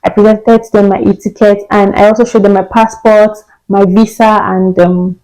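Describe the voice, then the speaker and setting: A woman's voice: medium pitch, normal speed, rough recording. A young woman from Nigeria telling a personal story in a casual vlog, acting out the dialogue with laughs along the way. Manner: animated, acts out quoted dialogue with laughs. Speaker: vlogger.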